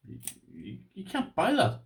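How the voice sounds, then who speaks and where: A man's voice: high voice, huge pitch swings, unhurried. A man with an Irish accent, chatting casually as he unboxes and tries out padlocks, rambling with restarts. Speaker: lock-picking vlogger.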